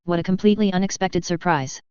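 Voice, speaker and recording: Woman reader doing a lowish, crisp, sweet-but-lethal lady mercenary for an audiobook. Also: fast talker, a little mellow, dry recording, dull audio, close to an everyday voice. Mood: sweet-menacing. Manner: sweetly cheerful with a cold edge. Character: cool-headed dangerous woman mercenary, sweet then menacing.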